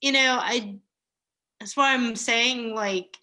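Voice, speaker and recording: A woman in her thirties talking slowly and reflectively in a casual, heartfelt chat, pausing and laughing softly. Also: on the high side. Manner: slow, reflective, with soft laughs and pauses. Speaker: guest.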